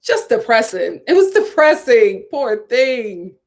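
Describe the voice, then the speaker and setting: An American woman hosting a casual commentary show, reading viewer comments and telling stories in an animated, chatty way. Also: a little high, takes it slowly. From United States. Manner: animated, storytelling. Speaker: host.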